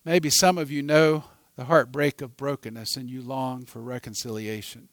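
A man preaching a sermon, telling a story with dramatic swings from hushed to loud. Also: medium pitch, fairly even intonation, normal speed, no room sound.

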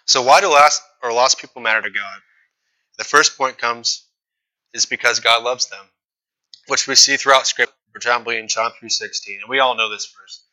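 Young man, sermon, very bright tone, loose conversational preaching, slangy acted asides. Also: medium pitch, moderate pace, low-quality recording.

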